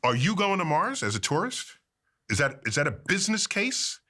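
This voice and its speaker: A man explaining in an interview clip with a bright, forceful voice that swings widely in pitch. He keeps his listener involved by quizzing them as he goes. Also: moderate pace. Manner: animated, quizzes the host.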